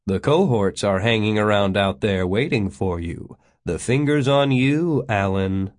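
A man's voice: lowish voice, animated, unhurried. A man reading an audiobook, voicing a wry male coworker.

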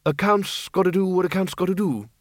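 Pitched above his natural voice and sitting high, a man voices a mild-mannered, matter-of-fact wizard in a lightly acted performance. He speaks a little fast, and the clean studio recording has no echo.

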